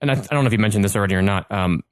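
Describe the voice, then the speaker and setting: A man hosting a casual podcast, talking quickly and eagerly, often tripping over his words. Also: lowish voice, smooth, dry recording, studio quality. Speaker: podcast host. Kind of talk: casual chat.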